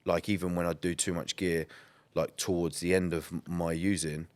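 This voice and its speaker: A very low-pitched man tells his story as a podcast guest. He talks in a loose, rambling way, peppered with "like", "um" and the odd swear. His delivery is candid and conversational. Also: flat delivery, normal speed. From England. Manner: rambling, many "like" and "um" fillers, blunt and swearing.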